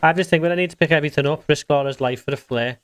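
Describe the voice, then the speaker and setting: A man with an English accent chats loosely while streaming a game, reading out viewers' comments and answering them between moves. His voice sits a touch higher than most men's. The talk is relaxed and rambling, close to the mic. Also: rapid-fire, background noise. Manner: chatty, reads out and answers viewer chat while playing. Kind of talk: casual live-stream chat.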